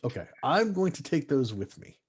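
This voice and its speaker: A man playing a tabletop game, halting and stumbling over his words. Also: a little high, big pitch swings, breathy edge. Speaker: player. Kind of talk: casual tabletop play.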